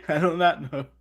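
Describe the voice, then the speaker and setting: A man's voice: on the high side, gravelly. A young Englishman with an English accent, co-hosting a casual wrestling chat show and laughing often. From England. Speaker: podcast co-host.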